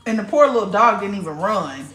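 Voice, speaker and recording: Animated woman livestreaming in an echoey room. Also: medium pitch, brisk, faint music behind. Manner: blunt, profane, talks straight to the chat. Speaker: livestream host. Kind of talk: casual livestream chat with viewers.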